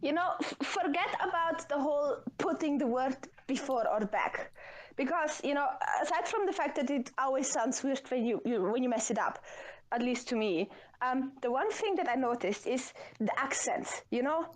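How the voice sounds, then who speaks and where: A woman's voice: high voice, expressive, moderate pace. A woman in a casual chat, talking in loose, rambling sentences with many fillers. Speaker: guest.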